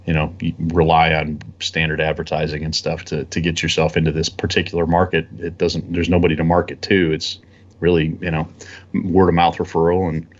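Very deep-voiced man on a dull line. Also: brisk. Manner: relaxed, rambling, frequent fillers. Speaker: guest photographer. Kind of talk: casual interview chat.

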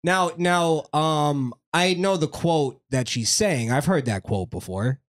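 Slightly high-voiced joking male podcaster. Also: slow. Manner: joking, crude, laughs often. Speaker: podcast co-host. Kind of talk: casual chat.

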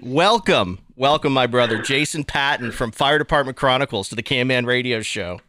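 A man hosting a relaxed podcast from a room in his home. He talks in an upbeat, easygoing way and laughs often. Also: mid-range voice, brisk, hardly any pauses. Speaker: podcast host, paramedic. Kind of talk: casual podcast chat.

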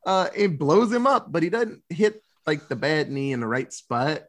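A man's voice: a little high, very animated, moderate pace, a bit bright. A young man casually recapping a movie with his co-host, swearing, laughing and acting out the characters' lines. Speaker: podcast co-host recapping a film. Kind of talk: casual chat.

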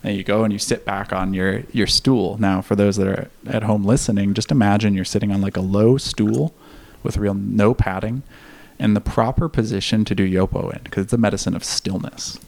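A podcast guest with a somewhat low, gravelly voice edged with vocal fry tells a personal story at normal speed. He is relaxed and candid, laughing now and then and swearing freely.

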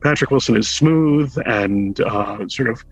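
A man with a slightly husky, mid-pitched voice, telling a long personal anecdote in a casual interview. He talks animatedly, acting out quoted lines with wry humor. Faint music plays in the background. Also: unhurried, low-quality recording. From Connecticut, USA. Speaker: interview guest.

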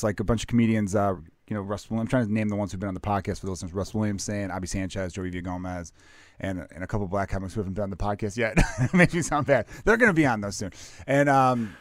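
An American man hosting a podcast, telling stories in an animated, profane, casual way. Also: on the low side, dry recording, clean studio sound. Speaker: podcast host.

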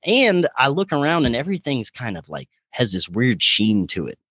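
A man earnestly recounting a personal spiritual experience in conversation, halting and searching for words. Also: mid-range voice, big pitch swings, fairly bright tone, husky, no room sound.

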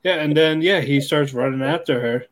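A man's voice: a little high, moderate pace. Laughing young man with a lighter voice. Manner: laughs often, jumps into quoted character voices, uses slang. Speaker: podcast co-host. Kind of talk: casual chat recapping anime episodes.

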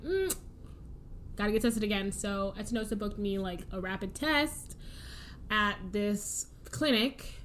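Animated high-voiced young woman storyteller. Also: slight background noise. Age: young adult. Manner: animated storyteller, acts out quotes with big pitch jumps. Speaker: podcast co-host. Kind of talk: casual storytelling chat.

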